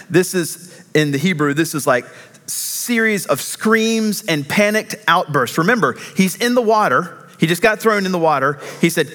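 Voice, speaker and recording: A man preaching a sermon in an earnest, emphatic way, slowing down on key phrases. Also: on the high side, expressive, a bit bright. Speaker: pastor.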